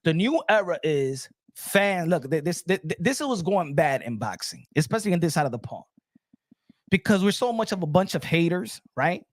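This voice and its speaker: A high-pitched man in an animated boxing commentary, excitable and repetitive. He slips Spanish phrases into his talk. The sound is dry and close to the mic. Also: moderate pace, no room sound. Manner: excitable, repeats himself, mixes in Spanish phrases.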